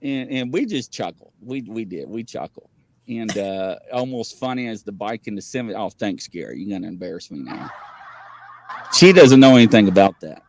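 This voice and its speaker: Hosting a paranormal variety show on a casual livestream, a man talks a little fast in a lowish voice, with a little hiss or hum in the audio. He is an animated, rambling storyteller who laughs often.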